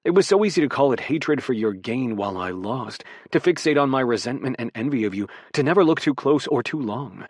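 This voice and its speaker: A man voicing a gruff but tender adult male footballer, speaking low and hushed in an audiobook. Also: expressive, fairly quick, few pauses, no echo, studio quality, natural voice. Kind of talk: audiobook character voice.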